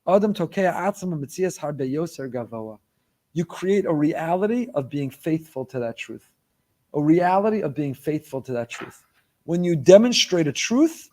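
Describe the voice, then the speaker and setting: A man's voice: on the high side, a little mellow. A male rabbi delivering a sermon with emphatic repetition of key phrases.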